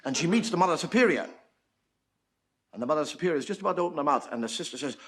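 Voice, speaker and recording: A middle-aged Irish man telling jokes on stage in a wry, deadpan storytelling manner, acting out the voices in his stories. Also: fairly high pitch, rapid-fire, long pauses. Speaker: stand-up comedian. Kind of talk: storytelling stand-up. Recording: faint noise, archive TV recording.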